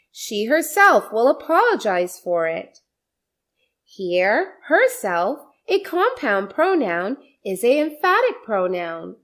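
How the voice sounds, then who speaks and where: A woman teaching a scripted grammar lesson, explaining slowly and deliberately, with many repeated example sentences. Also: a little high, a bit bright.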